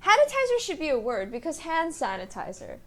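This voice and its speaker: A woman's voice: high-pitched, huge pitch swings, a little fast, a bit bright. A young woman hosting a casual solo podcast, rambling and joking at her own expense with frequent giggles. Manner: rambling, self-mocking, giggly. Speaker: podcast host.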